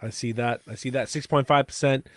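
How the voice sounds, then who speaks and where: A man's voice: mid-range voice, fairly even intonation, a little fast, dry recording. An Australian man hosting a casual beer-tasting podcast chat, hyped and full of slang and swearing. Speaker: podcast host.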